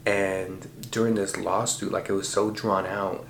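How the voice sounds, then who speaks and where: A man's voice: deep voice, unhurried, roomy sound, slight background noise. A man telling a dream story in a casual podcast monologue, swearing freely and acting out the lines of the people in it. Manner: profane, animated retelling with quoted voices. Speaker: podcast host.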